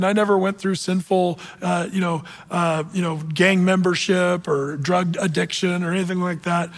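A male pastor delivers a sermon in an easygoing, conversational manner. His voice sits high for a man. It rings out with a long reverb through a church sanctuary. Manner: casual, conversational preaching with fillers.

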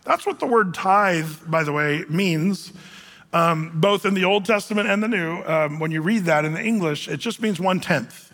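Bright-voiced man preaching in a reverberant hall. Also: sits high, moderate pace. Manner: conversational, joking, many fillers. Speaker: pastor. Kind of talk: verse-by-verse sermon.

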